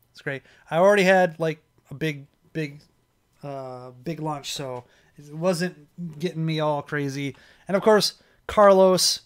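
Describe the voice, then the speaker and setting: A man's voice: on the high side, smooth. A man with a strained, worn voice hosting a livestream, chatting casually and rambling through restarts and chuckles. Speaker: livestream host. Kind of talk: casual chat.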